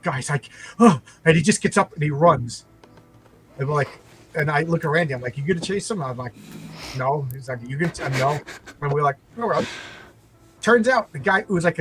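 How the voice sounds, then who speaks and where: A man's voice: on the high side, low-quality recording. Rambling New York man spinning yarns. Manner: rambling, full of "like" and restarts. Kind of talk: casual storytelling in conversation.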